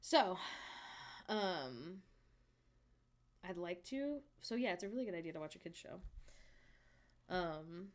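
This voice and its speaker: A woman's voice: lowish voice, lively intonation, slow, pauses often. Woman streamer in her thirties, casual and chatty, answers chat with plenty of laughter.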